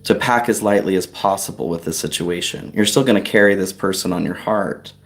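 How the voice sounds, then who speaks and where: A man giving a live-streamed tarot reading, chatty and soft-spoken, talking straight to his viewers and getting choked up at times. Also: deep voice, a little fast, vocal fry. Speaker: tarot reader. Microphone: on-camera livestream mic.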